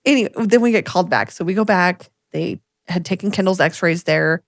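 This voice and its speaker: A woman co-hosting a podcast, telling a story in a casual, animated way and acting out what people said. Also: lowish voice, a little fast, no room sound, studio quality. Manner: animated storyteller, acts out quoted voices. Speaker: podcast co-host.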